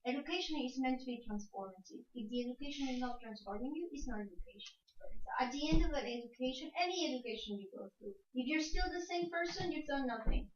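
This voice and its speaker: A woman's voice: high-pitched, expressive, quick pace. A woman student in a class, speaking earnestly and stumbling over a word or two. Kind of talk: class discussion. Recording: echoey room, dull lo-fi sound.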